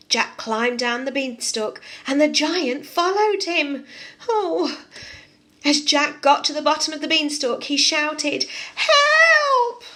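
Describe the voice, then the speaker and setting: A nursery teacher, a woman, reading a storybook aloud to young children in an expressive way and asking them questions. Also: high voice.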